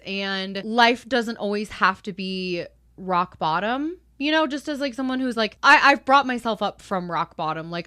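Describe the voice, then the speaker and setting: A woman's voice: on the high side, sharp tone, no echo, clean studio sound. A young woman hosting a show, reading online stories aloud and reacting to them in an emphatic, chatty way, speaking straight to the viewer. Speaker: host.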